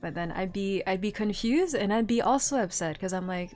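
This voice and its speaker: A young woman streamer telling work stories in casual chat, animated and laughing often, with lots of filler words. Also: medium pitch, brisk, soft background music.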